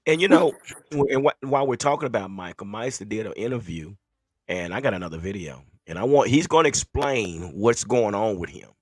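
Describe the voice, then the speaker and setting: A man hosting a casual sports podcast, animated and laughing between phrases. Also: on the low side, a little fast, no room sound, clean studio sound. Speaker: podcast host.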